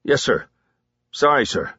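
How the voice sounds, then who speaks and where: A man's voice: mid-range voice, big pitch swings, a little slow, bright, forceful tone, husky, no echo, dull audio, voice pushed up, exaggerated voice. Man playing a nervous young soldier, apologetic, stammering, dry recording.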